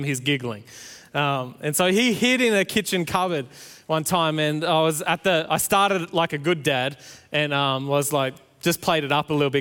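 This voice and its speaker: A man's voice: a little high, fairly bright tone. A man, preaching a sermon and telling a family story, acting out the playful quotes. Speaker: pastor. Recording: long hall reverb.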